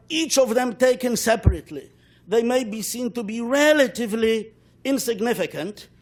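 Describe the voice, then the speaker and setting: A man, a law professor on a panel, giving an academic talk in a measured way, often repeating words as he searches for phrasing. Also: high voice.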